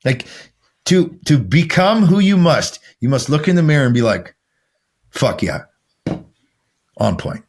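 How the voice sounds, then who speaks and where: A man's voice: on the high side, sing-song, normal speed, darkish tone. A man coaching other men, talking in an intense, profane, preachy way as a podcast guest. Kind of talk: blunt motivational talk.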